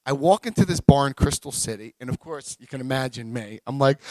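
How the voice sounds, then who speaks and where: A man in his forties speaks to a large audience. He tells a personal recovery story with energy, acting out the voices of the people in it and whooping at its high points. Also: expressive, fairly quick, hardly any pauses, warm tone. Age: 40s. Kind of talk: live talk to an audience.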